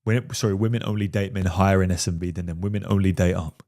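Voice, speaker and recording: A man's voice: low voice, fairly even intonation, fast talker, darkish tone. A man commenting on a film clip as a dating coach, emphatic and repeatedly checking in with "right?". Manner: emphatic, keeps asking "right?".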